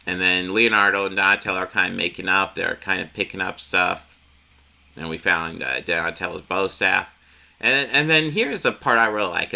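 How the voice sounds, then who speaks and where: A man's voice: fairly low pitch, vocal fry, pushed and bright. A man casually recapping a comic book issue, rambling with frequent restarts and the odd swear word.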